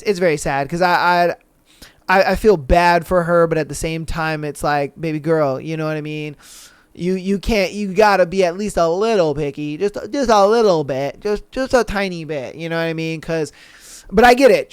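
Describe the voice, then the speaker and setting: A man's voice: fairly high pitch, normal speed, smooth, no echo. A man hosting a podcast, giving a casual, profane, slang-heavy recap and mimicking the people he talks about. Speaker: podcast host.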